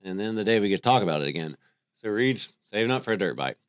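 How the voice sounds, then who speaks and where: A man in his thirties, a podcast co-host, telling stories about his family in a relaxed, conversational way. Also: fairly low pitch, fast talker, smooth, dry recording, studio quality. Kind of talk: casual faith conversation.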